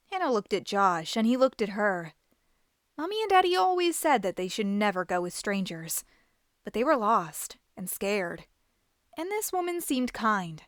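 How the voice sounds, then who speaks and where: A woman reads a children's story aloud with lively, expressive delivery. Her voice sits a little high and moves a lot. The recording is dry and close. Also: clear, resonant tone, no echo. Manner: animated, expressive. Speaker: host and storybook reader.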